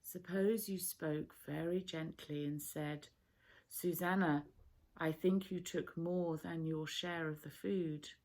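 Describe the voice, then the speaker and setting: A woman voicing a calm, patient male teacher in a children's Bible story. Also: mid-range voice, slow pace, creaky, full character voice. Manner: soft, patient explaining.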